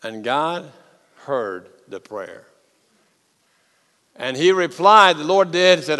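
A man, a pastor preaching a sermon, telling the story with animated swings from loud to hushed. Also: on the high side, slow pace, long pauses. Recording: long hall reverb.

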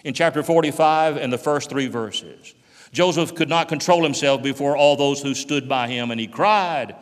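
A man preaching with a somewhat high voice, his words ringing through a long, echoing hall. He is impassioned, dropping to near hushes and then rising to fervent cries. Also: a little fast. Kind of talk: sermon.

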